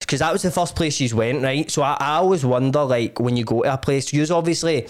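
A young man with a Scottish accent talks casually on a podcast. He rambles and swears as he tells stories. His voice sits at an ordinary pitch for a man. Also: brisk. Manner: swearing, rambling, lively storytelling. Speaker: podcast host.

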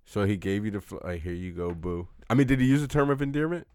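A man co-hosting a casual chat, talking in an animated way and slipping into quick impressions. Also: mid-range voice, smooth. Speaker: podcast co-host.

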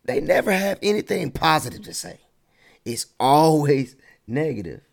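A man giving a casual motivational talk, animated, stretching words for emphasis and mocking his critics. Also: medium pitch, moderate pace, creaky.

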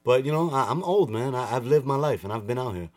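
A male podcast co-host with an ordinary mid-range voice. He teases his partner with deadpan jabs and slips Spanish slang into his banter. He sounds relaxed and conversational. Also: medium pitch, fast talker, no echo.

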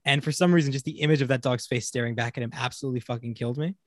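Male podcast co-host, mid pitch, halting and blunt, dry sound. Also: dry recording. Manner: hesitant, frank, swears freely. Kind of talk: casual movie review chat.

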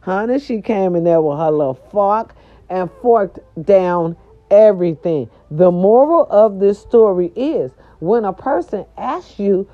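A woman vlogger telling a casual story straight to her viewers in a sassy, animated way. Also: medium pitch, unhurried. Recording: dull lo-fi recording.

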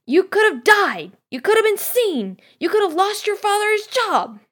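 A woman voicing a frantic, scolding middle-aged mother witch who yells at her sons. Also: very animated, normal speed, exaggerated voice. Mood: furious scolding. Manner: shrill, yelling, scolding.

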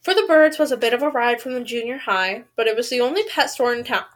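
A woman reading a novel aloud in an expressive way. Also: fairly high pitch, fast talker. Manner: expressive, reacts loudly to the story. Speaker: reader of a book series.

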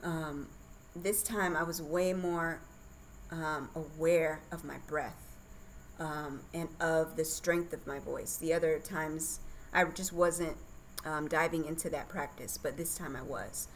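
A woman's voice: sits low, fairly even intonation, slow, a little hiss or hum, low-quality recording. A woman guest on a podcast telling her birth story in a candid, chatty way, laughing often.

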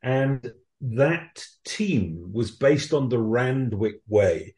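A man's voice: medium pitch, lively intonation, very slow, darkish tone, reverberant. A man, a rugby correspondent, answering interview questions in a reflective, anecdotal way, with many ums and restarts.

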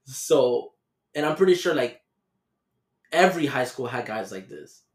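A young man hosting a podcast, telling a dating story in a casual, animated, profane way and acting out the people in it. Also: mid-range voice, a little slow. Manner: animated, profane, doing voices in quotes. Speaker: podcast host. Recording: roomy echo.

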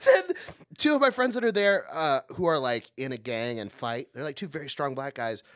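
A man's voice: medium pitch, fairly quick, no room sound, studio quality. A man co-hosting a podcast, telling a wild story in casual chat, laughing often and acting out the other people in it. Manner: animated, laughing often, acts out voices in stories. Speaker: podcast co-host.

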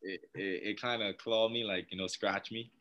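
A young man, a guest on a podcast, telling stories in a laid-back, soft-spoken way with frequent laughs. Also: fairly low pitch, fairly even intonation, normal speed, highs cut off. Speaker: guest, professional baseball player. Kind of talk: casual interview chat.

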